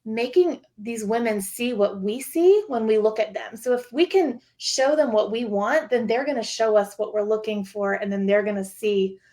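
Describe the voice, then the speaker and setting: A woman's voice: a little high, moderate pace, few pauses, mellow. A woman photographer sharing her experience in an earnest, rambling way with fillers. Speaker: photographer student. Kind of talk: casual chat.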